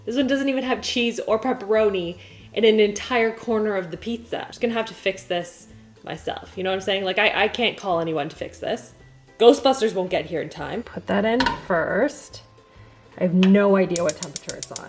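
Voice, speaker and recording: A woman's voice: medium pitch, moderate pace, soft background music. A pregnant young woman in her kitchen, chatting to a camera on a stand as she cooks and mocking herself. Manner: chatty, self-mocking, talks to herself while cooking. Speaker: cooking vlogger. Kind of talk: casual chat to camera. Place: home kitchen.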